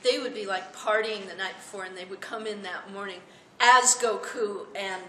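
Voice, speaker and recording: A woman's voice: mid-range voice, moderate pace. A woman speaking on a convention panel as a comic artist, explaining in a matter-of-fact way. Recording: echoey room with loud noise.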